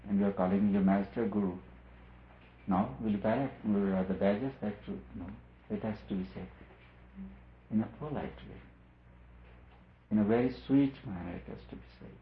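Low-voiced man giving a tinny, echoey discourse. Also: moderate pace, long pauses, slight background noise. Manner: earnest, repeats phrases for emphasis, rising on key points. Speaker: spiritual teacher. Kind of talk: spiritual discourse. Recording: tinny lo-fi with roomy echo.

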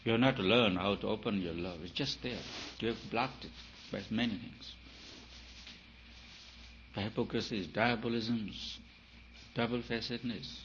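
A man giving a spiritual talk, emphatic and repetitive, his voice swelling and dropping in loudness. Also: on the low side. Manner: emphatic, repeats phrases, rises and falls in loudness. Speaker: spiritual teacher. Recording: dull lo-fi recording with faint hiss.

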